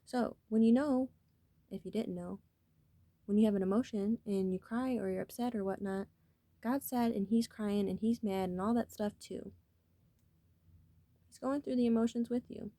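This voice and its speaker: A woman's voice: medium pitch, moderate pace, long pauses, mellow, dry recording. A woman talking casually to her viewers in a rambling, earnest way, cursing freely as she shares spiritual thoughts. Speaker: vlogger.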